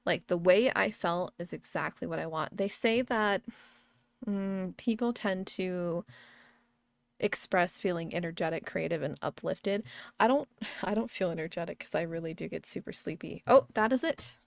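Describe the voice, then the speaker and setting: Woman, gaming streamer, casual rambling chat, frequent laughs, swearing, fry in voice, dry room. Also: on the low side, moderate pace, no echo.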